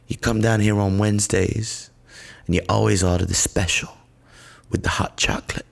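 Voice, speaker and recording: Chatty, teasing young waitress on a phone call , put on by a man with a deep, gravelly voice nudged upward. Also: little pitch movement, normal speed.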